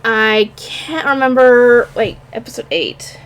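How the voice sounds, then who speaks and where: An anime reviewer, a woman with a higher, animated voice, takes her time as she chats casually by herself about an episode. She rambles and frequently pauses to hunt for names.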